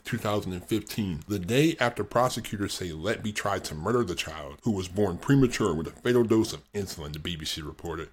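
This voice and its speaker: Male podcast host, lower register, husky tone, true-crime narration with dry sarcasm.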